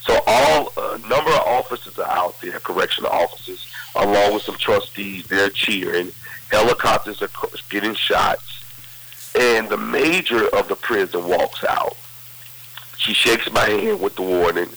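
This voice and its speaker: Husky, forceful low-voiced man. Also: moderate pace, poor audio. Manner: vivid retelling with lots of quoted dialogue. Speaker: interview guest. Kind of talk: conversational storytelling.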